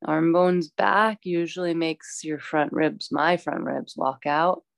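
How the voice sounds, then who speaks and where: Slow-paced woman teaching yoga. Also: sits low, creaky, dry recording. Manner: calm, instructive, chatty asides. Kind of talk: cueing a yoga class.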